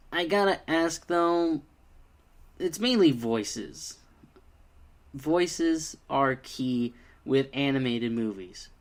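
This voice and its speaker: A man giving a casual spoken review, hesitant, with frequent ums and restarts. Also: medium pitch. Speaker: video reviewer.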